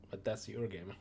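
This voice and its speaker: Slow-talking man with a tiring voice. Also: medium pitch, vocal fry, slight background noise. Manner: relaxed, rambling, many fillers and restarts. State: losing his voice, coughing. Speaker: gaming news host. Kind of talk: casual commentary to viewers.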